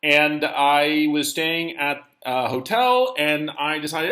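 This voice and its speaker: A man's voice: a little high, slow, few pauses, bright, forceful tone. A man hosting his own channel, telling a story in a loose, rambling, conversational way from indoors. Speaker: channel host. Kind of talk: casual storytelling monologue. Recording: roomy echo.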